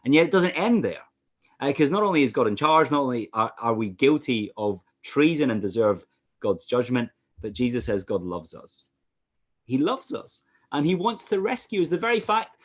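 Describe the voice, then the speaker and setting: A Scottish man preaching as a pastor over a video call, animated, with frequent "uh" fillers. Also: a little high, moderate pace, husky. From Scotland. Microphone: computer mic on a video call.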